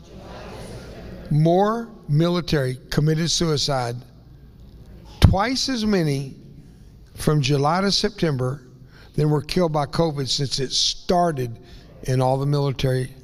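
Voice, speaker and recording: A man's voice: on the high side, unhurried. A man preaching as a guest in a Pentecostal church, folksy and rambling, with self-deprecating asides and a voice that rises and breaks into tearful whispers. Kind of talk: emotional Pentecostal sermon. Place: church sanctuary. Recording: long church reverb.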